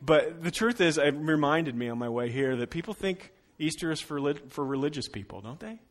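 A middle-aged man preaching an Easter sermon as pastor, swinging between loud, emphatic stretches and hushed, slowed phrases. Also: fairly high pitch.

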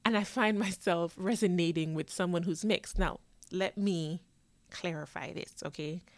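A young woman born in New York and raised in Jamaica hosts a casual solo podcast, chatting animatedly about herself and acting out other people's lines with laughs. Her voice is lowish, at a moderate pace, with no echo.

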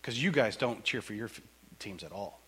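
A male pastor preaching a sermon in a church, joking and conversational in an animated way. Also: fairly low pitch, moderate pace, slightly rough.

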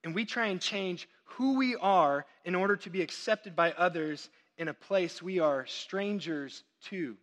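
A young Texan man preaching a sermon as a pastor, telling stories with quick asides. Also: high-pitched. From Texas. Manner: animated storytelling with quick asides.

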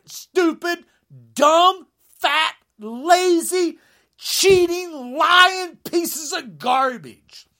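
A man in his sixties delivering an angry rant to camera, indignant and sarcastic, swinging between shouted jabs and low muttering. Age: 60s. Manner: mocking sarcasm. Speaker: vlogger.

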